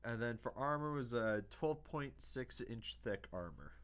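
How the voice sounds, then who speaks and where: A man's voice: mid-range voice, lively intonation, measured pace, fairly bright tone, clear, resonant tone. Hesitant young man talking history. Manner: hesitant, lots of fillers and self-corrections. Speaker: history video host. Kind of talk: casual history talk.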